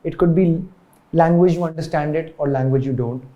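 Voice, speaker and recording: A man's voice: fairly high pitch, a little fast, highs cut off. A young man teaching a dance tutorial, chatty and often checking in with "yeah?" and "got it?". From India.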